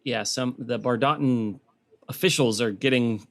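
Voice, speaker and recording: A man chatting casually as a podcast co-host, his voice sitting at an ordinary middle pitch. He rambles with plenty of "um" and "like", now and then slipping into goofy voices to quote someone. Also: measured pace. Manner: rambling, lots of fillers, puts on goofy voices when quoting. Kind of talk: casual chat.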